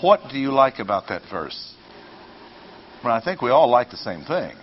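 A man teaching a Bible lesson in a deliberate, explanatory way, repeating his key points, on a dull lo-fi recording. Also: medium pitch, very animated, slight background noise.

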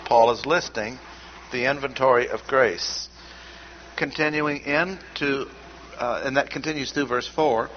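A man with a medium-pitched voice gives expository Bible teaching in measured, emphatic tones, repeating key words. The recording is dull and lo-fi with faint noise.

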